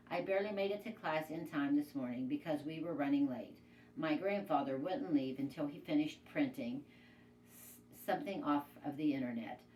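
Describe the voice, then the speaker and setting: A teacher reads a children's novel aloud in a steady, unfussy way. Her voice sits low. The recording is roomy and distant, with faint background noise. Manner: plain, steady storytelling. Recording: echoey room, away from mic, faint noise.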